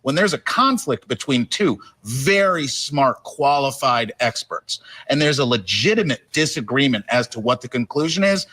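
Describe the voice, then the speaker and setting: A man on a panel gives emphatic legal analysis and presses his point. His voice is lively and bright with a husky edge, and it sits on the higher side. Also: moderate pace, hardly any pauses. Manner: emphatic, explaining. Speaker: panel commentator.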